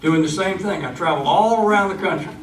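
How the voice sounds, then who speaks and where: A man's voice: high voice, fast, slight background noise, natural voice. Guy telling a joke as a talking dog bragging about his big career, plain matter-of-fact voice, echoey room from far off. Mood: boastful. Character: boastful talking male dog, tall-tale teller.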